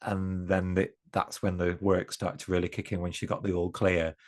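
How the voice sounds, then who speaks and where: A man with a low, monotone voice speaks at normal speed as a guest on a podcast, his accent from the East Midlands of England. In the casual conversation he's earnest and reflective, often restarting and correcting himself.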